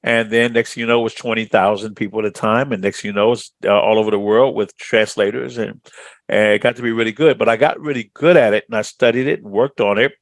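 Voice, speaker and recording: A man's voice: lowish voice, steady tone, quick pace, no echo. A middle-aged man from Chicago, answering interview questions as a speaker trainer in a confident storytelling manner. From Chicago, USA.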